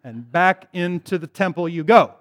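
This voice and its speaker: A male pastor delivers a sermon with a slightly higher-than-usual voice, chatting with his congregation and cracking jokes along the way. His words trail off into a long hall reverb. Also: expressive, moderate pace. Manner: conversational, jokey, addresses congregation directly. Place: church sanctuary.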